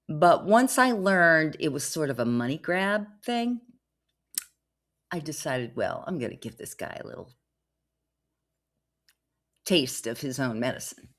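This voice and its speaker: Low-voiced chatty woman telling a story. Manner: chatty and rambling, many fillers and asides. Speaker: podcast host. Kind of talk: casual storytelling monologue.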